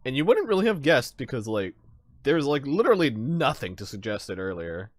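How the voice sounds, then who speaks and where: A man streaming a game and chatting casually, excitable, swearing freely and laughing a lot. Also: mid-range voice, brisk, dry recording, clean studio sound. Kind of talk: casual let's-play chat.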